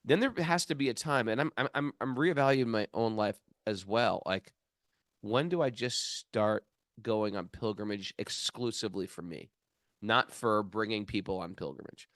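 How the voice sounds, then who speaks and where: A man co-hosting a casual spiritual discussion podcast, an animated storyteller who often restarts his sentences. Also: on the low side, moderate pace, no echo, studio quality. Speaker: podcast co-host.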